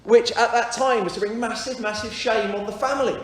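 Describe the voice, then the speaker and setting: A man's voice: high voice, fairly even intonation, brisk, fairly bright tone. A man minister preaching a sermon during a church service, reflective, repeating key phrases and speaking straight to his listeners. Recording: very echoey church sanctuary.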